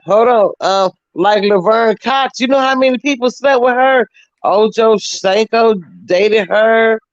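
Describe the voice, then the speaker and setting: A raspy older woman with a high-sitting voice speaks bluntly in casual chat, cutting in over others. Her call audio is dull and lo-fi, and the sound is dry and close. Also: unhurried, no room sound.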